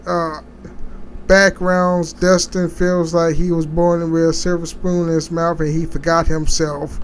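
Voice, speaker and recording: A man hosting a casual solo podcast, talking in a rambling, halting way with many restarts and fillers. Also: on the high side, slight background noise. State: sleepy, yawning. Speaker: podcast host.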